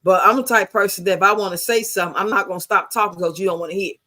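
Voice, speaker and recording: A woman's voice: mid-range voice, fairly even intonation, racing, bright, forceful tone. An American woman in her fifties telling stories in casual chat, blunt and heavily profane. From United States. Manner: blunt, profane, emphatic storytelling.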